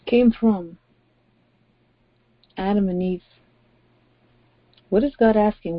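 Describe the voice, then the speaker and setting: A woman's voice: mid-range voice, slow, no room sound. A woman pastor preaching a sermon, stressing her points by repeating phrases. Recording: dry, dull lo-fi audio.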